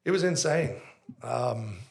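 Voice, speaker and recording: A man who owns a pizzeria, a guest on a podcast, telling a story in an animated way and acting out the dialogue. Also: mid-range voice, slow pace, gravelly.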